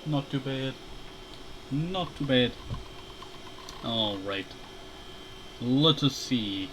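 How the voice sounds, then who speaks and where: A man's voice: medium pitch, lively intonation, drawn-out words, pauses often, a bit bright, a little hiss or hum, low-quality recording. A young man casually chatting while playing a shooter game, laid-back and rambling, chuckling often. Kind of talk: casual gaming commentary.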